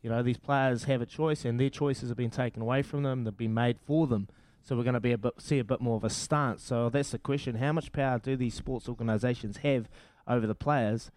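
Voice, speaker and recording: A man's voice: medium pitch, fairly even intonation, a little fast, a little mellow, no room sound. A man with a New Zealand accent co-hosting breakfast radio in casual, upbeat chat. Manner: chatty, upbeat, friendly. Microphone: studio mic.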